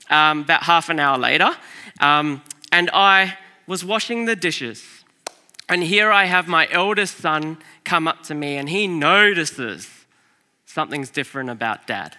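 A man preaching a sermon as pastor, telling a family story in an animated way, swinging from loud to hushed. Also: fairly high pitch. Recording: long hall reverb.

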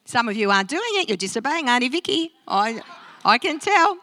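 A woman pastor preaching a sermon in a church, animated and talking straight to the congregation. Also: on the high side, fairly quick. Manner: animated, interactive preaching with acted-out quotes. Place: church service.

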